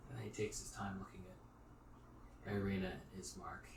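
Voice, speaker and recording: A man's voice: low voice, little pitch movement, moderate pace, vocal fry. A man narrating as game master of a tabletop game, talking loosely with many fillers. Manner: rambling, filler-heavy narration. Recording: roomy echo, distant mic, faint noise.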